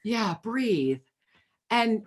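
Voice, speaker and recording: A woman's voice: fairly high pitch, lively intonation, very slow, husky. A woman hosting a spiritual talk show, giving a caller a reading and calling her honey and sweetheart. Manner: warm, affectionate, calls caller honey. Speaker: host and spiritual reader.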